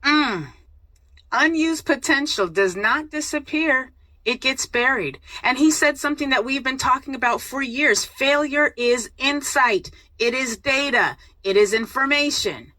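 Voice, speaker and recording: A woman's voice: sits high, unhurried, sharp tone, no room sound. A middle-aged woman from the United States hosting a reflective motivational talk, thoughtful and self-deprecating. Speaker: host.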